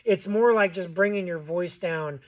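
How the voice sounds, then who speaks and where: A man's voice: high-pitched, moderate pace, highs cut off. A man giving a casual how-to tutorial on goose calling, plainspoken and loose, repeating himself with fillers. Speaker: goose call instructor.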